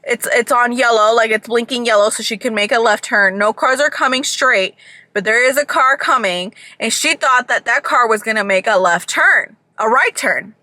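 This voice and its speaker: A young woman from Georgia, chatting casually in a storytime vlog, animated and swearing freely. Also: a little high, moderate pace, no room sound. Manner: animated, swearing, acts out people in bursts. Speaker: vlogger.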